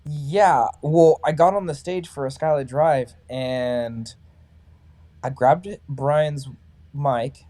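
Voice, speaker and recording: Male, thirties, singer from California, warm mellow tone, talks in lively anecdotes and acts out the other voices. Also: fairly high pitch, takes it slowly. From Sacramento, California. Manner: animated, acts out other people's lines. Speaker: metalcore band vocalist and barber. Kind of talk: casual storytelling in a podcast interview.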